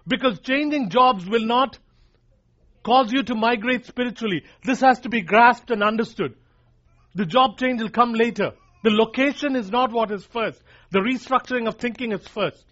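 A man with a notably high voice delivers an emphatic sermon, restating his key points and speaking straight to the congregation as "guys." The recording is dull and lo-fi, with the top end muffled. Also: normal speed, fairly bright tone. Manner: emphatic, repeats lines for emphasis, addresses listeners as guys. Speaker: preacher.

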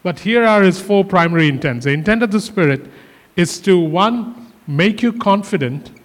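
A man's voice: sits high, expressive, normal speed. A male pastor preaching a sermon in earnest, often repeating his phrases for emphasis. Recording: hall reverb.

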